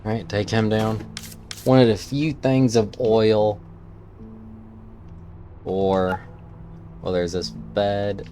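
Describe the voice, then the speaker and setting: A man's voice: on the low side, steady tone, drawn-out words, long pauses, mellow, slight background noise. A man casually thinking aloud as he plays a survival game. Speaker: gameplay streamer. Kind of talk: let's-play commentary. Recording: game music underneath.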